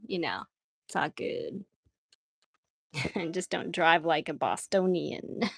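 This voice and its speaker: A woman's voice: low-pitched, very animated, slow, creaky, long pauses, fairly bright tone, husky, no room sound, clean studio sound. A woman chatting casually with viewers while she draws on a livestream, laughing often as she reads out their comments. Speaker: art livestream host.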